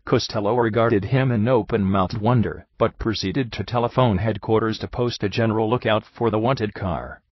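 Man narrating a story, husky voice, lo-fi dull sound. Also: fairly low pitch, normal speed, hardly any pauses, dry recording. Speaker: audiobook reader. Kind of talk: scripted narration. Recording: dull lo-fi dry recording.

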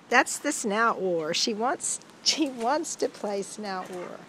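A woman's voice: medium pitch, expressive, slow pace, fairly bright tone, low-quality recording. A woman filming her dog in a windy backyard, talking to it in sing-song baby talk. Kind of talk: casual chat to her dog on camera. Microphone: handheld camera. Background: wind.

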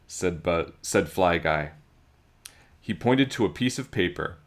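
A man reading a children's storybook aloud, with slow, expressive storytelling. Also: deep voice. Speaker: children's book reader.

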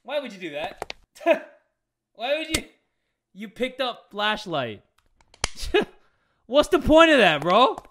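A young man doing let's play commentary on a horror game, excitable, joking crudely and yelling at sudden scares. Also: very high-pitched, slow pace, pauses often, a little hiss or hum. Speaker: gaming YouTuber.

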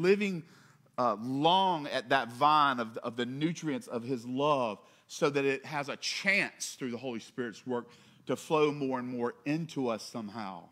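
A pastor delivering a sermon in a conversational way, with asides, swelling for emphasis and dropping soft on key points. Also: male voice. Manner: conversational preaching with asides and quick jokes; rises in pitch and volume for emphasis, drops low and soft on closing points.

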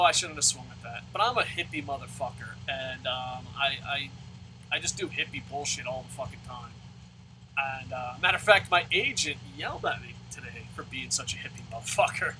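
Guy swearing nonstop while gaming, slight hiss behind. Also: mid-range voice. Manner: ranting, swears constantly, loud outbursts. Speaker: let's play host. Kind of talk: profane gaming commentary rant.

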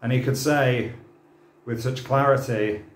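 A man's voice: medium pitch, steady tone, measured pace. Impassioned male preacher in a roomy church. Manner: impassioned, dramatic, rhetorical questions. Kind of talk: sermon. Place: church hall.

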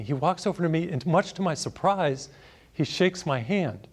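A man's voice: a little high, expressive, normal speed, darkish tone, breathy edge. A man, a priest, preaching a sermon through a personal anecdote, storytelling animatedly and laughing at himself.

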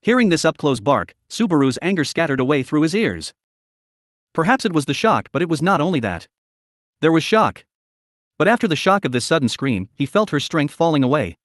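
A man narrating a novel as an audiobook in an expressive storytelling manner. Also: a little high, fairly quick, dry recording, studio quality.

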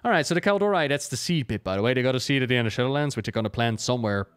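Male narrator, expressive live story read, very animated delivery. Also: mid-range voice, rapid-fire, smooth.

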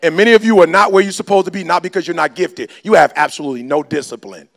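Man, motivational speaker, high voice, gravelly edge, preachy, slangy. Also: quick pace, soft background music. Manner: animated and preachy, slangy street talk, lectures the crowd. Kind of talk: fiery motivational speech.

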